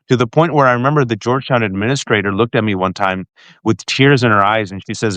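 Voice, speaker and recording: A man hosting a show and telling an emotional family story to his guest with animated energy, often restarting his sentences. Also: on the low side, fast, dry recording. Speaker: podcast host. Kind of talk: heartfelt personal storytelling to a guest.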